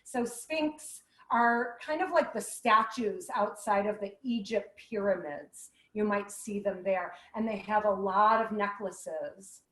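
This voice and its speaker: A woman guiding a yoga class with gentle, playful cues. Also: mid-range voice, slow, hardly any pauses. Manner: gentle, playful cueing with animal sounds. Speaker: yoga instructor. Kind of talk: guided yoga class instruction. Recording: echoey room.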